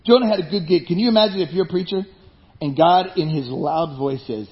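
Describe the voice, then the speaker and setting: A man preaching a sermon, animated, acting out the voices of people in his stories. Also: a little high, brisk, highs cut off. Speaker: pastor.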